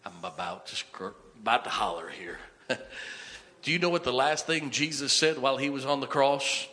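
A man preaching a sermon with fervor, repeating lines for emphasis and swinging from quiet to loud. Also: medium pitch, moderate pace. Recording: long hall reverb.

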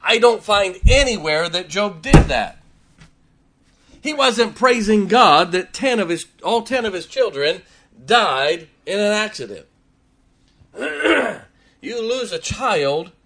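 A man's voice: high voice, sing-song, slow pace, long pauses, noisy background. Emphatic preacher man. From West Virginia. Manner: emphatic preaching, voice rising and falling, repetitive for effect. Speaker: pastor. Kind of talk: sermon.

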